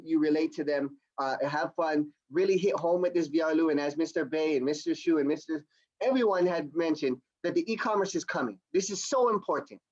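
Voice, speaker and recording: A man giving an energetic, repetitive sales training demo on a video call. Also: fairly high pitch, lo-fi sound. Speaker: product demonstrator. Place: home or office on a video call.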